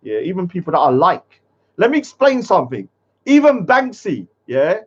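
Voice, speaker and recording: A man's voice: sits high, very animated, normal speed, slightly rough. A man, hosting a casual livestream, talking bluntly and scolding his chat. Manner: blunt, swears at chat, mock-taunting. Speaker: livestream host. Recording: dull lo-fi stream audio.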